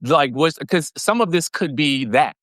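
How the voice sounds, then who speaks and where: A man co-hosting a podcast, telling stories in an animated, expressive way during a casual chat. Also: a little high, a little slow, no room sound, clean studio sound. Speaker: podcast co-host.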